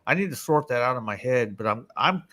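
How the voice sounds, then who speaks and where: A man at a home computer mic runs a casual live-stream panel. His voice sits at an ordinary middle pitch, and he talks loosely, swearing freely and passing the turn from one panelist to the next. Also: expressive, fairly quick, fairly bright tone.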